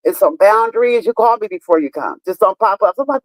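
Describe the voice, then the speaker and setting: Speaking quickly in a mid-range, slightly mellow voice, a woman in her fifties chats on a live stream. She tells emphatic, profanity-laden stories directly to viewers. The recording is low quality, with no room sound.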